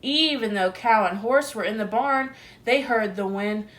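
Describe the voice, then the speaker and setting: Reading a picture book to small children, a female teacher sounds gentle and expressive and asks them questions along the way. She speaks at medium pitch, a little slowly.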